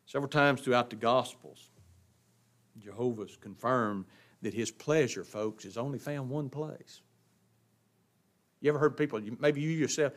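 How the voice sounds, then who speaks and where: An older man, a longtime pastor, preaching a sermon: he reads scripture aloud, stops to tell listeners what to underline, and swings from loud emphatic lines to quiet asides. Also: mid-range voice, moderate pace, pauses often.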